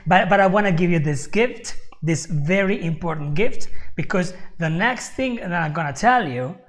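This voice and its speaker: A man with a high, animated voice teaches a live online English lesson at a moderate pace, explaining patiently and asking "okay?" after nearly every point. He laughs often and responds to viewers' chat comments by name.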